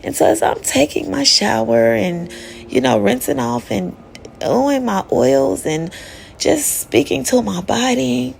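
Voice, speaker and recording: A woman's voice: on the high side, expressive, unhurried, vocal fry, a little mellow, a little hiss or hum. A woman telling a personal spiritual story in a casual, candid and profane way.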